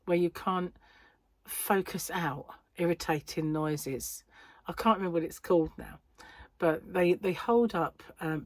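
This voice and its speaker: Chatty British woman, low dry voice. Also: no echo. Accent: British English. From United Kingdom. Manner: rambling, chatty, self-interrupting. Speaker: crochet vlogger and yarn shop owner. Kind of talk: casual chat to camera. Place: home, indoors, in a corner.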